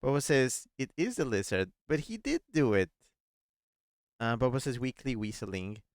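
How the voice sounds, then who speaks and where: A playful male streamer with a smooth, resonant voice at a middle pitch, reading chat messages and puzzling over clues as he plays. The sound is close and dry, with no room sound. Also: very animated, moderate pace, no room sound. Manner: chatty, playful, thinks out loud. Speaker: gaming streamer, host. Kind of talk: casual let's-play commentary, reading chat aloud.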